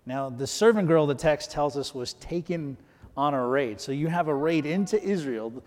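A man's voice: on the high side, animated, moderate pace, a little mellow, in a large hall. A man preaching a sermon as pastor, talking conversationally and asking rhetorical questions.

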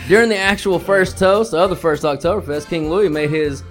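A man's voice: fairly high pitch, brisk, few pauses, faint music behind. A man co-hosting a comedic sports betting podcast, brash and profane, telling mock-grand stories. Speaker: podcast co-host.

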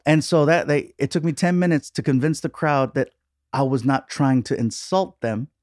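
A man's voice: mid-range voice, moderate pace, darkish tone, dry recording, clean studio sound. A man, a stand-up comedian, chatting casually as a podcast guest and telling laid-back road stories with easy laughs.

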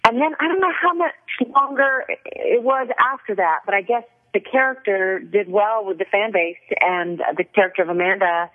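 Chatty actress on a tinny phone line. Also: female voice, medium pitch, normal speed, few pauses. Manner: chatty, laughing easily, with many restarts. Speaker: actress guest. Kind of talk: casual interview over a phone line.

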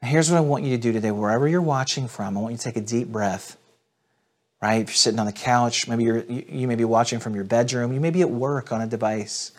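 A man's voice: mid-range voice, fast. A male pastor preaching a sermon to people watching online, in an earnest, direct manner. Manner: earnest, direct address with repetitions.

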